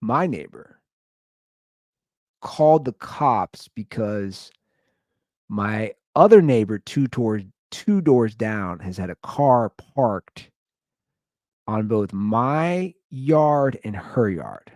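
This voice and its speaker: A man hosting a podcast, telling comic neighborhood stories in an animated way, laughing and acting out the people he quotes. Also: lowish voice, slow, no room sound, clean studio sound. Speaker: podcast host. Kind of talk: comedic storytelling rant.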